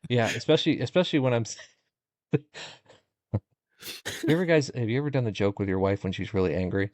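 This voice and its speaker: A middle-aged man, a podcast guest, chatting casually and telling jokey stories with sudden animated jumps in pitch. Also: fast talker, no echo. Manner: jokey, animated storytelling with bursts of higher pitch. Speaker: podcast guest, content creator. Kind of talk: casual interview chat.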